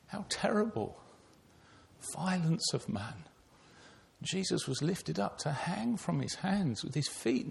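An older man preaches with earnest conviction, weaving personal stories into his sermon and speaking straight to the children. His voice sits fairly high and carries a gravelly rasp.

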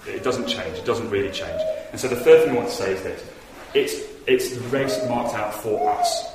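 A man's voice: medium pitch, wildly swooping pitch, moderate pace. A man giving an earnest, conversational sermon in a church hall, telling stories with animation. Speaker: preacher. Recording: echoey hall from far off with noise.

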